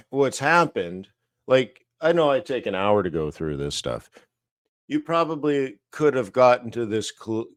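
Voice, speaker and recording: A man teaching trading live, walking through price charts slowly, thinking aloud with fillers and asides. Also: fairly low pitch, smooth, dry recording, studio quality. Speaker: trading educator.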